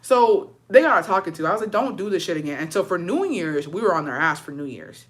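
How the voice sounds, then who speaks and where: A woman's voice: fairly low pitch, expressive, quick pace. A young adult woman telling a story in a casual, profane rant, slipping in Spanish words. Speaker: storyteller on a livestream.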